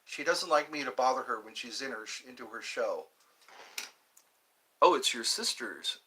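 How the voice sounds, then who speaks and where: A man hosting a casual livestream from home, chatting in a rambling, animated way and reading viewer comments aloud. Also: normal speed, pauses often. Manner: chatty, rambling, animated, with pitch leaps when greeting viewers. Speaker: livestream host.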